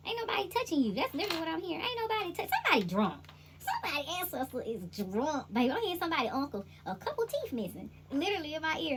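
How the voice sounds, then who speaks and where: A young woman giving a casual spiritual tarot reading, animated and slangy, laughing often. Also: high voice, racing, slight background noise. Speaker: intuitive tarot reader.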